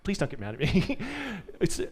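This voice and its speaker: A man's voice: fairly high pitch, big pitch swings, normal speed, darkish tone, husky. A man giving a live conference tech talk to an audience, upbeat and joking. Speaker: conference speaker.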